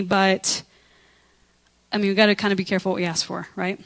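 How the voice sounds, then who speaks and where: A woman pastor preaching a lively, conversational sermon, acting out biblical figures with humor. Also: medium pitch, a little fast, pauses often, rough recording.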